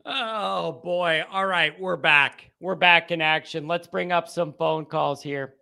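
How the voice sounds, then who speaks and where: A man hosting a call-in show, chatting casually and telling stories in an animated way. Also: a little high, takes it slowly, gravelly. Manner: animated, talkative storyteller. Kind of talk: casual chat.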